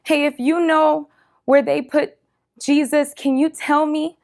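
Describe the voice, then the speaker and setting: Lady doing a crying young woman in a bible story, high pleading voice, kinda louder. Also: flat delivery, slow pace. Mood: distraught. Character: grieving young woman, Mary Magdalene, distraught.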